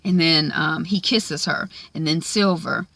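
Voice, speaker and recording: A woman recaps a TV episode in a chatty, casual way, sprinkling in lots of "um" and "like" and acting out what the characters said. Her voice sits low and is a bit bright, her pace unhurried, and the recording is dry.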